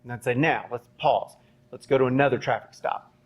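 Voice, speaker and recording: A man's voice: mid-range voice, brisk. Rambling man telling a story on a panel. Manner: rambling, many ums and rhetorical "right?". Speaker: panelist, former police academy trainer. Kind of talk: storytelling at a live panel discussion. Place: university event space. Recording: dull lo-fi sound.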